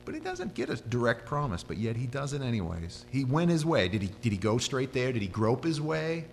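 A man preaching a sermon, telling the story with animated, conversational storytelling that rises and drops. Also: medium pitch, a little fast. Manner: animated storytelling, voice rising and dropping. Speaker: pastor. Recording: hall reverb with faint hum.

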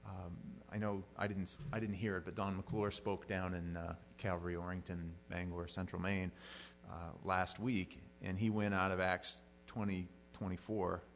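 Conversational middle-aged man preaching, lowish voice. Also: level tone, normal speed, a little hiss or hum. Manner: conversational, plain-spoken, acts out quoted voices. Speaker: pastor. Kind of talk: sermon.

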